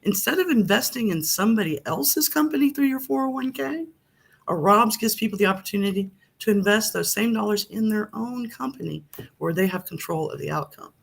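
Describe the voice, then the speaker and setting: A woman's voice: medium pitch, animated, fairly quick, creaky, husky. A woman guest on a business talk show, confidently and cheerfully explaining financing options. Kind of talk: casual video podcast talk.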